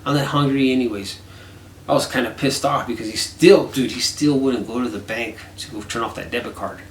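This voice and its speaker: Man, casual storytelling, animated, swears a lot, echoey room. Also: mid-range voice, brisk, slight background noise. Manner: animated, swears often, acts out conversations.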